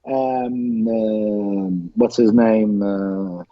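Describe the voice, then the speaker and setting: A man guest on a remote call, telling stories in a casual chat with lively, animated delivery and frequently repeated words. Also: fairly low pitch, very slow. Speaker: guest bodybuilder. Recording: dull lo-fi call audio.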